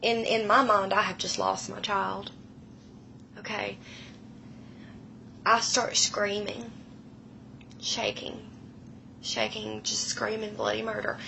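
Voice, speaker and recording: A woman in her thirties tells a frightening personal story slowly, her voice gravelly and bright. She speaks with emotion and often sinks to a hush. Faint noise sits behind her. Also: medium pitch, low-quality recording. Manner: slow, hushed, emotional retelling that drops to whispers.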